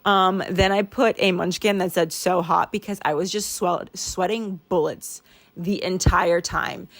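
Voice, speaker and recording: A young woman chatting casually over her planner pages, rambling and laughing often with a wheeze. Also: on the low side. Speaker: planner vlogger.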